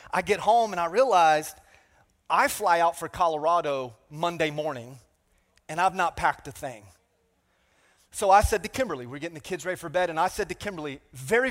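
A man pastor preaching a sermon in a large church, telling a self-mocking story and calling out to the congregation. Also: high-pitched. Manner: animated, self-mocking storytelling with crowd call-outs. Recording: reverberant church hall.

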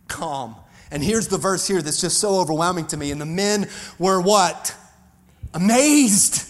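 A man pastor preaching a fiery sermon to his congregation, building up to shouts. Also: high-pitched, long reverb tail. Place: church sanctuary.

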